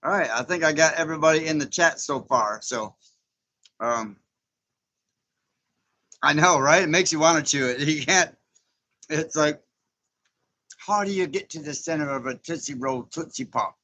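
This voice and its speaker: A man's voice: on the high side, moderate pace, bright, forceful tone, low-quality recording. A man hosting a casual live stream, folksy and chatty, often chuckling as he greets viewers.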